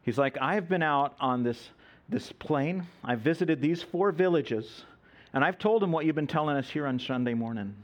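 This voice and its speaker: A man with a fairly high voice preaches at a normal speed, telling a mission story. He's an animated storyteller who acts out the voices of the people in it.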